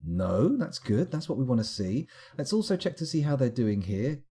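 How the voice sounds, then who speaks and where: A man giving live, rambling let's-play commentary, animated and self-mocking as he chats and wanders off on tangents. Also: medium pitch, normal speed, hardly any pauses, husky. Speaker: streamer playing a management game.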